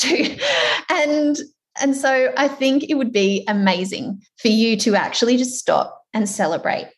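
A woman with an Australian accent leads an online workshop over a video call, her voice sitting a little on the high side. She talks in a chatty, encouraging way, animated and warmly rallying her listeners. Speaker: workshop presenter.

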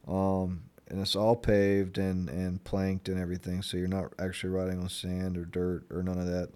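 A young man with a lowish voice chats to camera in a loose, rambling way, and his talk is packed with fillers. He is sarcastic and cutting when something annoys him, then drifts back to easy small talk. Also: completely flat delivery, moderate pace, a little mellow, clean tone. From Florida, United States. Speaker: vlogger. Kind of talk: casual chat.

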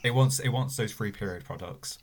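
A young man chatting casually on a podcast, hesitant and deadpan, with many fillers as he reads out news. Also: on the low side, fairly quick. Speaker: podcast co-host. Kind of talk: casual chat, reading news aloud.

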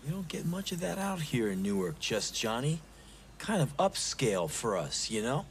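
A man's voice: medium pitch, sing-song, moderate pace, slight background noise. An actor playing a brash, suspicious male street doctor who sneers and swears. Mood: wry.

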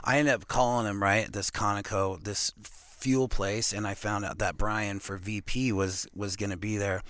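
A man from Montana, a professional arm wrestler, telling a long casual story as a podcast guest, rambling and animated with lots of "you know what I mean". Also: on the low side, moderate pace, no room sound. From Montana, USA.

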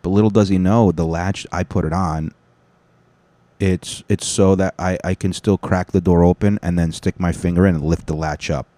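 Deep-voiced rambling podcast host, a man. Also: steady tone, moderate pace, warm tone, no room sound. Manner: rambling, profane, joking. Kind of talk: casual chat.

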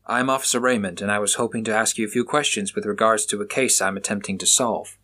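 A man voicing a determined male police officer who speaks in brisk, clipped lines. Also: fairly low pitch, steady tone, pushed and bright, slightly rough.

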